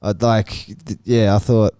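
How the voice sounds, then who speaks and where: A man co-hosting a podcast, chatting casually and jumping in with excited reactions. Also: fairly low pitch, measured pace, clear, resonant tone, no echo, clean studio sound. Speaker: podcast co-host. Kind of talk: casual chat.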